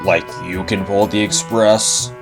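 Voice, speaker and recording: A man's voice: fairly low pitch, fairly even intonation, unhurried, over loud music, close to an everyday voice. A man voicing a smug, mocking male diesel engine who taunts the others. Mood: taunting.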